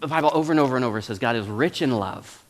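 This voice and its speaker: A man in his thirties from Canada, preaching a sermon as pastor in a casual, animated way with frequent restarts. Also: mid-range voice, rapid-fire, in a large hall. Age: 30s. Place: church sanctuary.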